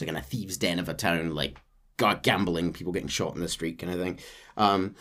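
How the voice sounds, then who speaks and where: A man hosting a podcast, casually recapping a story with lots of filler words. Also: on the low side. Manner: chatty, many filler words. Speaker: podcast host.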